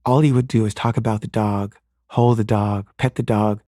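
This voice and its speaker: A man's voice: lowish voice, steady tone, normal speed, dark tone, dry recording. Man telling a story in a dry room. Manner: conversational, with many fillers. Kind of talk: personal story told to an audience.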